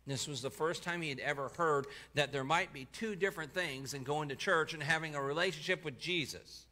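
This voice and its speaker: A man preaching, telling a testimony in the first person and voicing the people in it, going quiet for the sad parts. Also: on the high side, brisk. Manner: voices the people in the story, dropping soft for sad parts and lifting for excited ones. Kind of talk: sermon storytelling, reading a testimony aloud.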